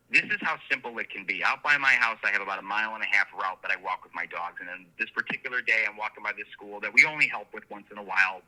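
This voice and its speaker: A man's voice: lowish voice, pushed and bright. A man, a sheriff candidate and guest, telling long, earnest anecdotes in a casual interview. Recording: phone line.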